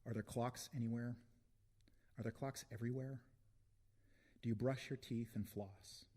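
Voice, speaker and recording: A man giving a live poetry reading in a concert hall, slow and deliberate with dramatic pauses, into a stage microphone. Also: mid-range voice, steady tone, dark tone. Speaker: poet.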